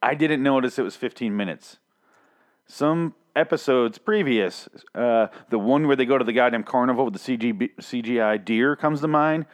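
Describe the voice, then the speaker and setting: A man's voice: medium pitch, normal speed. A man rambling through a casual solo recap of a TV episode, profane, joking and self-mocking.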